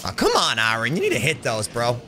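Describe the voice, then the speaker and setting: Excitable British man streaming a shooter. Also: medium pitch, brisk, slight background noise. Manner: excitable, yelling and laughing, taunting opponents. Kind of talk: live gameplay commentary.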